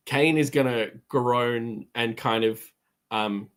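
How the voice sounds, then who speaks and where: A man playing a tabletop game in casual chat, speaking slowly and hesitantly, and laughing often. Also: medium pitch. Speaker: player.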